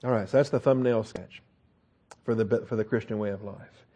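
A man's voice: on the low side, steady tone, normal speed, dark tone. A man teaching a verse-by-verse Bible study in a casual, conversational way, with frequent fillers, restarts and "okay?" checks. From United States.

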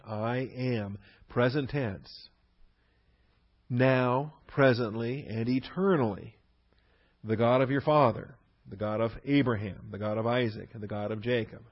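A man's voice: medium pitch, dull audio. A man teaching through a Bible passage verse by verse, leaning hard on key words between fillers and restarts.

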